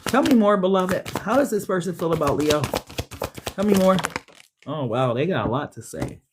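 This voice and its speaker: High-pitched guy doing a loose tarot reading, cussing and laughing. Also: moderate pace, background noise. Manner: animated, swearing, laughing, talks back to the cards. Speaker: tarot reader. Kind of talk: casual tarot reading monologue.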